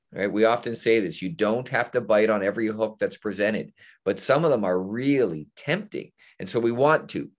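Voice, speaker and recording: A man presenting on a webinar, talking with his hands and acting out example sentences as he explains over a video call. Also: lowish voice. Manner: animated hand talker, acts out example sentences. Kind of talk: explanatory panel talk.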